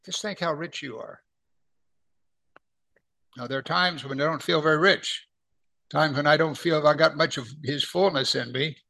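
Here a middle-aged man preaches through the Bible verse by verse, chatting with listeners and asking them rhetorical questions. His pitch is fairly high with vocal fry and a pushed, bright quality, and his pace drops sharply when he reads scripture.

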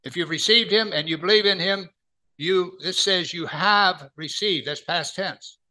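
Speaking in a high voice with a sharp tone, a middle-aged preacher works through a Bible passage one verse at a time. He keeps it conversational, poses rhetorical questions, and slows considerably when reading scripture out loud.

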